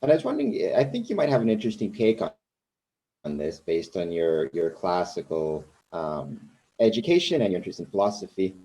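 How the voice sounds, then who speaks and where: A man's voice: deep voice, big pitch swings, brisk, warm tone, poor audio. A man hosting a conversational interview who talks in a rambling, self-deprecating way. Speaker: podcast host.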